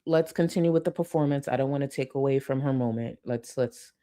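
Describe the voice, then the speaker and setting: A woman's voice: extremely low pitch, fairly quick, mellow. A young adult woman doing blunt, sarcastic reaction commentary, swearing freely as she talks back to a clip. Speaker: commentary YouTuber reacting to a livestream.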